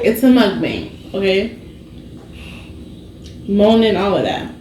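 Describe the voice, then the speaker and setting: A woman's voice: on the high side, animated, very slow, pauses often, fairly bright tone. Laughing young woman eating on camera. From Haitian heritage. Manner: playful, laughs often, talks while eating. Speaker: vlogger host. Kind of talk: casual mukbang chat. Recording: echoey room, slight noise.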